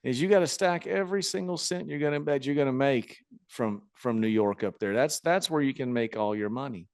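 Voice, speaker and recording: A man's voice: mid-range voice, fairly quick, a little mellow, dry recording, clean studio sound, close to an everyday voice. A man impersonating a brash, blunt old-school wrestling veteran, with a swaggering, salty delivery. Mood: boastful advice.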